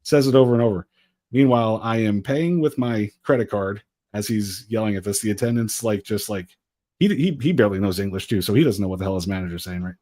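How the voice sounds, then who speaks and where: Casting: man, podcast co-host, animated exasperated storyteller, dry close mic. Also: fairly low pitch, quick pace, no echo. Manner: animated, exasperated retelling with acted quotes. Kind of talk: casual storytelling.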